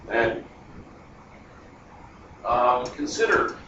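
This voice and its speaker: In an echoey classroom, a man with a mid-range voice delivers a math lecture at the board extremely slowly, his pitch swinging widely. He thinks aloud in a chatty, digressive way. A distant lo-fi mic makes the recording noisy.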